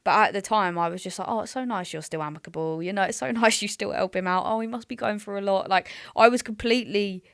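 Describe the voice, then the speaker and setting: A woman's voice: medium pitch, quick pace, creaky, hardly any pauses, clean tone, dry recording, clean studio sound. A young woman chatting on a podcast, slangy and self-mocking about her past. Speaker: podcast co-host. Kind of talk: casual chat.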